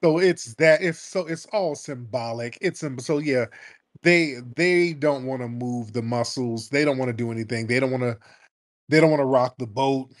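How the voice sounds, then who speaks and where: A man's voice: mid-range voice, normal speed. A man hosting a call-in radio show, talking bluntly in a casual, mocking, slangy way. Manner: blunt, mocking, slangy and animated, mimics people in put-on voices.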